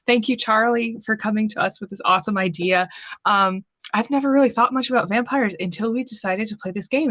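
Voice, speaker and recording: A woman's voice: medium pitch, a bit bright, no echo. A woman introducing herself as a tabletop game player, playful and trailing off into jokes. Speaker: communications director and player.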